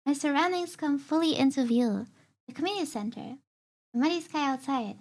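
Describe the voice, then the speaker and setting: High-voiced woman streamer reading a game aloud. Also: fairly quick. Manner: soft, hesitant reading with filler sounds. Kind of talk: reading a visual novel aloud. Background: faint game music.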